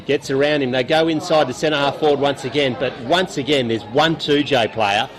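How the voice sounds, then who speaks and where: A man's voice: medium pitch, moderate pace. An Australian man calling play-by-play at a local football match outdoors, trading laughing banter with his co-caller. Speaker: football co-commentator. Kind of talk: live local football commentary.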